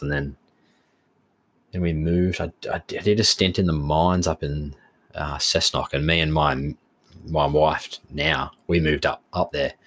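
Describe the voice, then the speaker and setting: Very deep husky Australian man. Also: unhurried. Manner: rambling, animated retelling with quoted dialogue. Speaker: podcast co-host. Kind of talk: casual storytelling chat.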